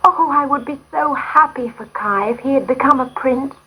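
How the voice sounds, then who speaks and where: A woman voicing an earnest, tearful little girl in a storybook reading, high and pleading. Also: moderate pace, pushed and bright, breathy edge, exaggerated voice, poor audio.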